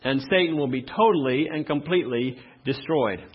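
A man preaching a sermon as pastor, reading verses slowly and loudly, then dropping to quiet asides. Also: mid-range voice, husky, muffled recording.

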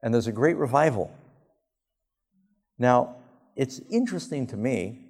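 Gravelly low-voiced male preacher, reverberant hall. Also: measured pace. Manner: emphatic, animated storytelling with sudden rises in pitch. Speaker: pastor. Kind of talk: sermon.

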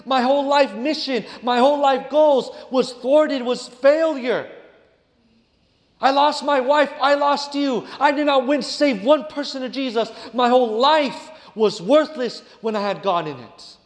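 Brief: male preacher doing a bitter, broken old ex-missionary father. High voice, anguished, hall echo. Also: a little slow. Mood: bitter, angry.

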